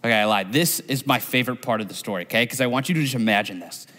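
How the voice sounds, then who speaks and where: A man's voice: mid-range voice, rapid-fire, bright, forceful tone, in a large hall. A male pastor preaching a sermon in a punchy, conversational way, often checking in with the crowd. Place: church sanctuary.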